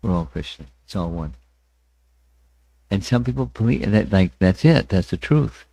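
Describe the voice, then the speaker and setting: A man teaching a scriptural class, speaking deliberately, often repeating words and chanting verses with his listeners. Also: lowish voice, lively intonation, dark tone, no echo. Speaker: spiritual teacher. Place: temple hall.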